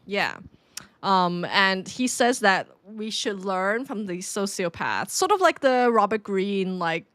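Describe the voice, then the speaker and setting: Lively woman chatting casually. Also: mid-range voice, slow, no room sound. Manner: animated, laughs often, many fillers. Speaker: podcast co-host. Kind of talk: casual chat.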